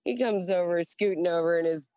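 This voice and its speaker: Speaking fairly quickly in a fairly low voice, this woman in her forties, a former Navy servicewoman, swaps stories in a relaxed interview. She swears, laughs a lot, acts out dialogue, and stays lively throughout, captured in a clean, dry studio recording.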